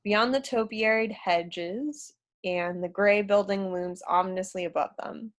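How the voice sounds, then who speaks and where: Woman, narrator, reading stage directions, hesitant, medium pitch. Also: steady tone, unhurried. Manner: hesitant, with fillers.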